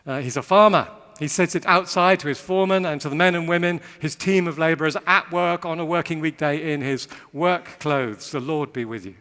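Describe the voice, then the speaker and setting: Male speaker, slightly high and bright, witty sermon delivery in a large reverberant hall. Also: brisk, hardly any pauses, clear, resonant tone. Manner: witty, varied emphasis, repeats phrases rhythmically. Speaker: speaker giving a Bible talk. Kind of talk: sermon talk to a live audience.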